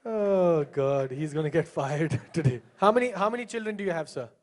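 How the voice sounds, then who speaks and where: Man from India, stand-up comic, high pitched voice, lively crowd work, laughing a lot. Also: a little fast. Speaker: stand-up comedian. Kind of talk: stand-up comedy set. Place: live venue with an audience.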